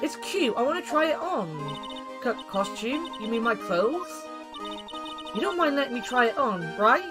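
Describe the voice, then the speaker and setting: A perky young circus animal tamer, read aloud by a woman playing a game, bubbly and teasing. Her pitch bounces high and wide. Game music runs behind her. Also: lively intonation, normal speed, natural voice.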